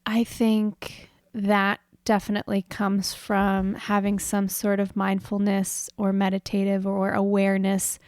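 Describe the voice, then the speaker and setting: A woman's voice: mid-range voice, monotone, unhurried, few pauses, darkish tone, clean tone, dry recording, clean studio sound. A woman guest on a podcast, talking in a reflective, spiritual way with casual slang. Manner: reflective, spiritual, says "man". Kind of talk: casual conversation.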